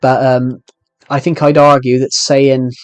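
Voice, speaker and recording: A man's voice: medium pitch, level tone, measured pace, clear, resonant tone, no room sound. A young man live-streaming a game, rambling and joking as he answers chat messages. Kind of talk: casual live-stream chat while gaming.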